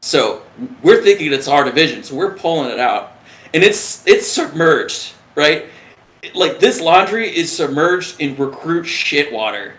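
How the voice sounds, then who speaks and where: A man, a retired submariner, telling a story in a casual, profane and animated way. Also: fairly high pitch, a little slow. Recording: roomy echo.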